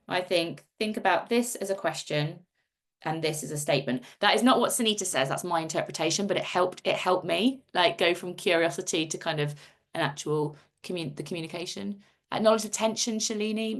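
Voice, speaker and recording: A woman's voice: medium pitch, vocal fry, a bit bright. A middle-aged woman hosting a live video-call workshop, chatty and self-interrupting, often reading out comments from the chat. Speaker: workshop host.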